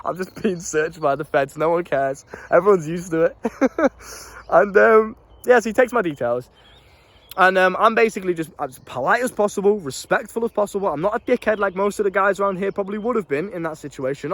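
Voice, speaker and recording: Fast, animated British young man. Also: sits high, dry recording. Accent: British English. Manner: animated, laughing often, swears freely, slangy. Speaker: self-improvement YouTuber. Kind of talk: casual storytelling.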